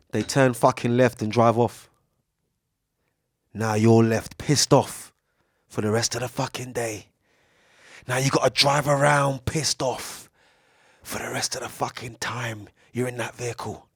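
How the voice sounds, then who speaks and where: A young man with gives a casual, preachy podcast monologue, swearing freely and swinging between loud bursts and hushed asides. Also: mid-range voice, a little slow, long pauses, no room sound, clean studio sound. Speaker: podcast speaker. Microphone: studio mic.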